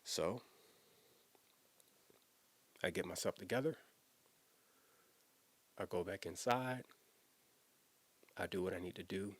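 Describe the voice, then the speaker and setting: A man's voice: deep voice, slow, pauses often, slightly rough. A man, a former youth pastor, telling a personal story in an earnest, emotional, conversational way, often repeating himself as he talks.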